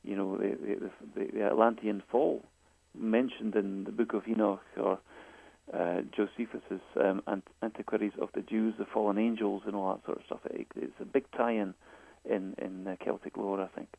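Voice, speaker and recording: A man's voice: lowish voice, fairly even intonation, moderate pace, gravelly, mellow, no echo. A man, a guest author, telling stories in a hesitant way, repeating and restarting his words often. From Scotland. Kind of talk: phone interview storytelling. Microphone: phone. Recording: tinny phone line.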